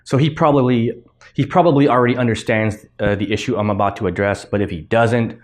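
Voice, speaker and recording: A man's voice: medium pitch, a little fast. A man hosting his own podcast, rambling bluntly through a casual solo commentary with offhand swearing. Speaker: podcast host.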